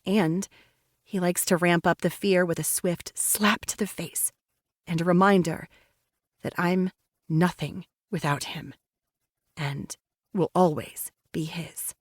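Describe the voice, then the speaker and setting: A woman's voice: fairly low pitch, steady tone, takes it slowly, long pauses, no room sound. Woman narrator, first-person romance audiobook, dramatic and intense, dry close mic.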